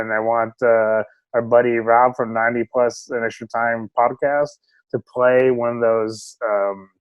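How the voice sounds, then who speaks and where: A man's voice: medium pitch, no room sound, muffled recording. A man co-hosting a soccer podcast in casual chat, rambling with many restarts and frequent laughs. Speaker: podcast co-host. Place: home, remote call.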